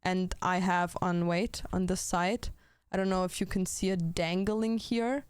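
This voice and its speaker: A woman's voice: lowish voice, fairly even intonation, a little slow, clear, resonant tone, no room sound. A young adult woman streamer chatting casually and bluntly with her viewers, swearing often and talking straight to chat.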